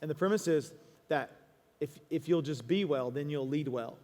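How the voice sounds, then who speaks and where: A man speaking as a pastor to a congregation in a church auditorium. He is earnest, with quick restarts and quoted asides. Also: a little high, darkish tone. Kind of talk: stage conversation to a congregation. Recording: long hall reverb.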